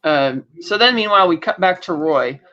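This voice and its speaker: A woman's voice: fairly low pitch, animated, normal speed, fairly bright tone. A woman co-hosting a podcast, casually recapping a TV episode and acting out lines from the scenes. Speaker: podcast co-host. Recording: dull lo-fi audio.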